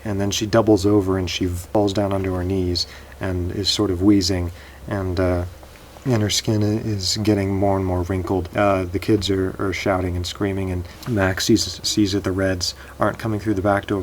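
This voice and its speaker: A man telling an improvised story in a halting way, often repeating words. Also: deep voice, slight background noise, low-quality recording.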